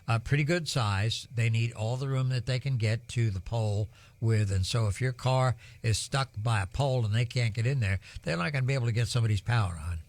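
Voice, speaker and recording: A man's voice: mid-range voice, a little fast, no room sound. An older man, telling stories during live storm coverage in a rambling, folksy way full of ums and uhs. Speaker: broadcast weather host.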